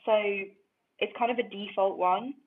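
A woman's voice: medium pitch, normal speed, a little hiss or hum. A young woman co-hosting a podcast, chatting casually in a playful, self-deprecating way and exaggerating for laughs. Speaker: podcast co-host. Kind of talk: casual chat. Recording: tinny phone-line sound.

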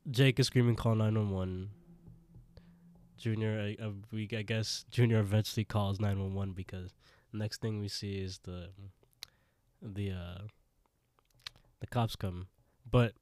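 A man with a low voice recaps a show episode in relaxed podcast chat. He acts out the characters' lines and laughs along as he goes. The recording is dry and close, with no room sound. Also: no room sound. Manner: storytelling, acting out quotes, laughing often. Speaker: podcast co-host.

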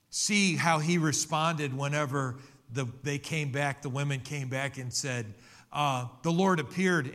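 A man's voice: fairly high pitch, fairly bright tone. A middle-aged man preaching a sermon, telling a personal testimony in an earnest, conversational way with many restarts. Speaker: pastor.

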